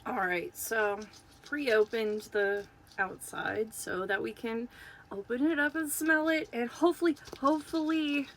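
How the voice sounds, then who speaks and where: A woman chatting casually to viewers while unboxing toys, gushing and excitable, recorded on a phone. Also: on the high side, unhurried, slight background noise.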